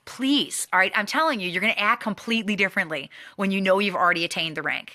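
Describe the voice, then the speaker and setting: A woman giving a motivational training talk, emphatic and energetic, repeating key phrases. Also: mid-range voice, a little fast, few pauses. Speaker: network marketing trainer.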